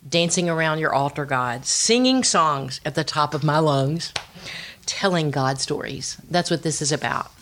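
A middle-aged woman giving a personal testimony talk, telling stories with quoted dialogue and bits of sung scripture. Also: sits low. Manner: storytelling, animated with quoted dialogue and sung lines. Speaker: women's ministry speaker.

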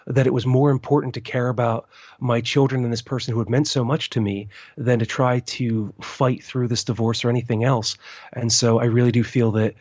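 A man's voice: medium pitch, a little mellow, husky, no room sound. A man in his forties, an interview guest from the United States, talking earnestly and reflectively in long, winding sentences. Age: 40s. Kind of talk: casual interview chat. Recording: dull, slightly muffled, dry sound.

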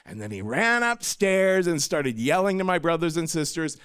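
A man's voice: fairly high pitch, sing-song, moderate pace, few pauses, fairly bright tone, smooth. A man telling a personal story with a dramatic, self-mocking flair, acting out the people in it.

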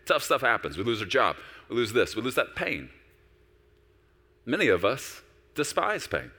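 Animated preaching man in a reverberant hall. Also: mid-range voice, normal speed. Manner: animated preaching, with quoted voices of God and himself. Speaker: pastor. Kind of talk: sermon.

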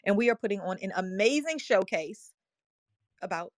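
A woman's voice: mid-range voice, lively intonation, moderate pace, no echo. A woman hosting an online audio room, telling a personal story in a passionate, emotional, earnest way. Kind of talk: passionate motivational talk.

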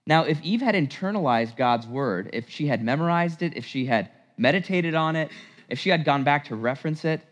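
Male preacher: animated, emphatic sermon delivery, slightly high voice, long church reverb. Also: fairly quick. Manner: animated, rhetorical questions, emphatic. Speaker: priest preaching. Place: church sanctuary.

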